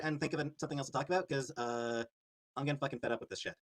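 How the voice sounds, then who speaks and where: A man's voice: a little high, racing, fairly bright tone. A man livestreaming, irritated and swearing as he snaps at his chat. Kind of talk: livestream rant.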